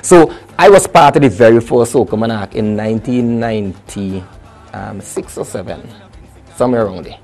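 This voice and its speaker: Trini soca guy, kinda low voice, chatty, lots of restarts. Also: normal speed, faint music behind. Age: young adult. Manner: lively, chatty, full of restarts and local phrasing. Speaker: soca artist guest. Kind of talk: casual interview chat.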